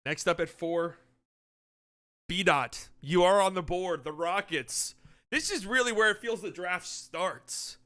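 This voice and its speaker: A man with a high, smooth, resonant voice hosts a casual online mock draft. He drifts between quiet mumbled asides and loud mock-announcer calls, talking into a desk mic. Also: unhurried. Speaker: host running a community mock draft. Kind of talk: casual livestream chat with mock announcer bits.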